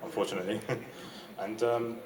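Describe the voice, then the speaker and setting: A former student recalls school memories, stumbling over filler words. His voice is low and level, echoing in a large room and recorded from a distance. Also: steady tone, normal speed, a little mellow. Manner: hesitant, lots of fillers. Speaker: former student giving a speech. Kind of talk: reminiscing anniversary speech. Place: school event hall. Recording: echoey hall, speaker far from mic.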